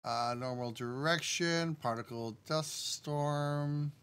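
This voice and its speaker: A man streaming live as a game developer, relaxed and thinking aloud as he talks himself through settings step by step and turns now and then to answer his chat. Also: fairly high pitch, slow pace, clean tone. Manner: addresses the chat directly.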